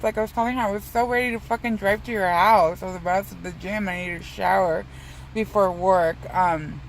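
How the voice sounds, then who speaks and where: A woman's voice: medium pitch, a little fast, a little hiss or hum, poor audio. A young woman in a casual, rambling vlog who swears freely and pokes fun at herself. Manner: rambling, profane, self-mocking.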